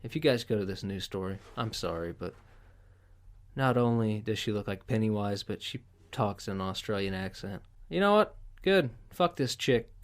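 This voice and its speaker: A man hosting a podcast, reading news headlines aloud and riffing on them with crude, profane sarcasm. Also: medium pitch. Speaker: podcast host. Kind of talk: casual news commentary.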